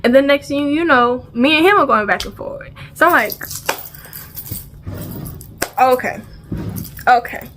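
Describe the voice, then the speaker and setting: A high-voiced woman tells a storytime vlog in casual slang, talking fairly quickly with hardly any pauses. She's animated, acting out sounds and dialogue and repeating phrases as she goes. A little hiss or hum sits under the recording.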